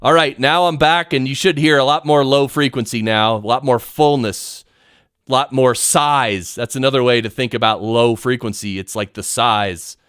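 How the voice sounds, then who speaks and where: A man with a smooth, resonant voice at an ordinary pitch, teaching podcast audio on a live stream in a home studio. He rambles excitedly and keeps breaking off his own sentences. The sound is close and dry, straight into a studio mic. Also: normal speed, no echo. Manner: rambling, excitable, self-interrupting. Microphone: studio mic through audio recorder.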